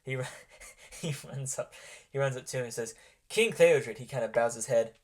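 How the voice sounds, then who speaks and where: A man's voice: mid-range voice, little pitch movement, a little mellow. A man narrating a tabletop role-playing game as game master, hesitant and full of fillers and restarts. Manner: halting, many fillers and restarts.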